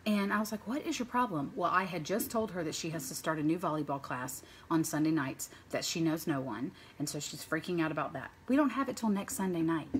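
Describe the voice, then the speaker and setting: Chatty rambling mom, lowish voice. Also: female voice, animated, fairly quick, hardly any pauses, slight background noise. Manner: chatty and rambling, stringing thoughts with "and so". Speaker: mother sharing parenting stories. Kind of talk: casual vlog monologue.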